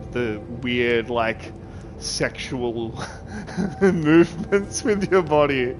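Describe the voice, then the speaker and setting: A man's voice: mid-range voice, slight background noise. A man streaming live, chatting casually with his viewers, rambling and laughing often. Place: at his computer.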